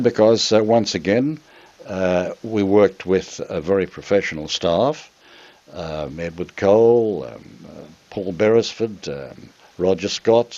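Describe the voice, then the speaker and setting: Older man from Australia, low and muffled. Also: darkish tone. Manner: rambling, with frequent ums and restarts. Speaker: interview guest, former radio presenter. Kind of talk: reminiscing interview answers.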